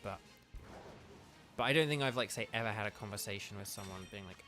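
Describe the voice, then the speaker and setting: A man's voice: fairly low pitch, fast, sharp tone, faint music behind. A man, congested, hosting a let's play with rambling, filler-heavy commentary. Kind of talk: casual game commentary.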